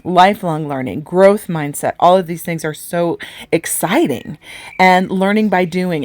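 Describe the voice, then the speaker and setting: A woman's voice: low voice, darkish tone, dry recording. A woman life coach giving an earnest live coaching talk, asking many rhetorical questions and getting emotional.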